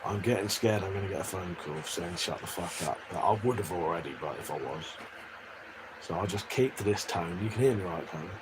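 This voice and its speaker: English man, live streamer, low voice, rambling crude chat, faint background noise. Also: brisk. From England. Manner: crude, rambling, laughs often while reading chat.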